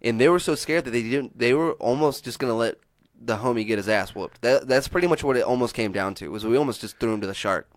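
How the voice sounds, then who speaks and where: A young man, a comedian hosting a casual podcast, telling stories quickly with lots of swearing. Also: medium pitch, dry recording. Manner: fast, animated storytelling with heavy swearing.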